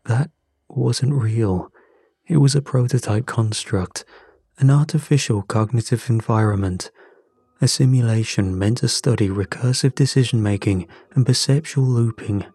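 A man voicing a pale, exhausted male scientist in his fifties who speaks in a hushed, strained voice that catches. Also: medium pitch, a little slow, slightly rough, no echo, clean studio sound. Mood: hushed, shaken.

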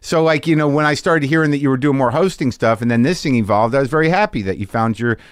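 A middle-aged man from New Jersey hosting a casual interview chat in a garage studio, talking in a wry, needling way with halting restarts. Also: mid-range voice, clear, resonant tone, dry recording. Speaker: podcast host.

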